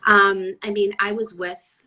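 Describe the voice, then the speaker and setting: A middle-aged woman from Boston talks bluntly and with plenty of animation in a casual interview chat. Her voice is bright, with a slightly husky grain to it. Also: medium pitch, little pitch movement, a little slow, rough recording. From Boston area, USA. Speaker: guest, chef and former sports reporter.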